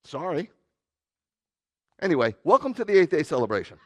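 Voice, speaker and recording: A man preaching as rabbi to a congregation, animated and joking, swinging from loud outbursts to quiet asides. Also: a little high, fairly quick. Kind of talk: sermon.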